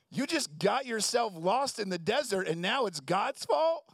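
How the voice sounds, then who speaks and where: A young man preaching with a high, gravelly voice, telling stories and jokes in a loose, chatty way. His voice is dry and close, with no room echo. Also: lively intonation, brisk, hardly any pauses, fairly bright tone. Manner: conversational, jokey storytelling with acted-out quotes. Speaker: pastor. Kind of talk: sermon.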